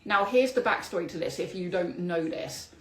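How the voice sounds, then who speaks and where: A woman hosting a solo podcast, telling a story in an animated, exclamatory way with spiritual vocabulary. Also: lowish voice, moderate pace, roomy sound, poor audio. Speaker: podcast host.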